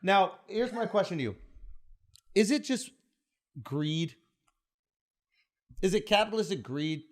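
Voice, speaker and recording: Lively, probing male podcast host. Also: sits high, a little slow, pauses often. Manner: probing, conversational questions. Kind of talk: casual podcast chat. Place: podcast studio.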